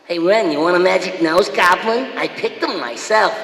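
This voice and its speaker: A man's voice: high voice, moderate pace, fairly bright tone, echoey room, long reverb tail, slight background noise, voice pushed up, rough recording. A man voicing a cheerful, childlike, dim-witted cartoon cat who loves everything. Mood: giddy. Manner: giddy, wide-eyed, loves everything.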